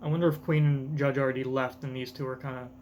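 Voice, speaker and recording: A man's voice: mid-range voice, little pitch movement, fast, darkish tone, slight background noise. A young man thinking aloud in casual reaction commentary, rambling with lots of fillers. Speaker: manga reaction host.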